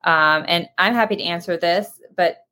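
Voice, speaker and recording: Low-voiced woman hosting a Q&A. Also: normal speed, bright, forceful tone, a little hiss or hum. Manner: hesitant, many filler ums. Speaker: host. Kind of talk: moderating a webinar Q&A.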